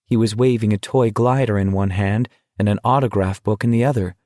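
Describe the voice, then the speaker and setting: A man narrating an audiobook in a measured, even reading voice on a close studio mic. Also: fairly low pitch, no echo. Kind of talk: scripted narration.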